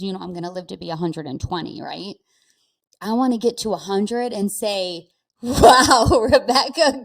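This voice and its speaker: A woman's voice: medium pitch, creaky, dark tone. A woman hosting her own podcast, talking casually and reflectively to listeners, encouraging herself and laughing often. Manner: slow, reflective and self-encouraging, with frequent laughs. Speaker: podcast host. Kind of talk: casual solo podcast monologue.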